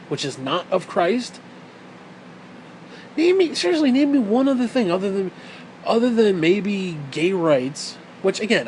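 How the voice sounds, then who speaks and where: A man's voice: high-pitched, a little mellow, a little hiss or hum, poor audio. A man delivering a heated, profane and sarcastic ranting monologue as a vlogger.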